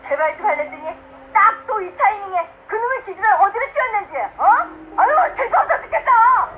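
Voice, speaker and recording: A furious middle-aged mother screams insults in a TV drama. Her voice sits very high and leaps wildly, and her words tumble out at great speed. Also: expressive, very fast, lo-fi sound, slight background noise. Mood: scornful. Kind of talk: Korean TV drama acting.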